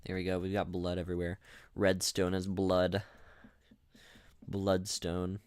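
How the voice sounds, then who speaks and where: A man's voice: low voice, monotone, unhurried, darkish tone, smooth, no room sound. A young man rambling through casual gameplay commentary as a streamer, often restarting his sentences and reading out chat messages. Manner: rambling, chatty, many restarts. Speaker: gaming streamer.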